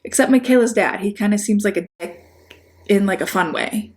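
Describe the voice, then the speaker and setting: A woman's voice: mid-range voice, brisk, darkish tone. A woman with a Chicago accent giving rambling, sarcastic commentary on a video, with frequent restarts and asides. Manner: sarcastic, rambling, self-deprecating. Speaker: commentary YouTuber. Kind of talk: casual video-essay commentary.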